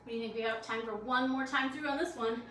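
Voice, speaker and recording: A high-pitched woman leads a yoga class with quick, upbeat, encouraging cues, a little breathless as she moves. She is recorded from some distance in an echoey room. A faint hum of noise sits under her voice. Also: steady tone. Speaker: yoga instructor. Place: library program room.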